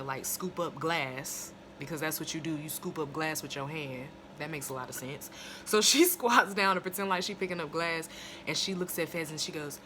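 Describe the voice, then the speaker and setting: A woman's voice: low-pitched, background noise. A woman casually reviewing a TV episode into her phone. She swears freely, talks in long run-on asides, and gets fired up and indignant. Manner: fired-up and indignant when ranting.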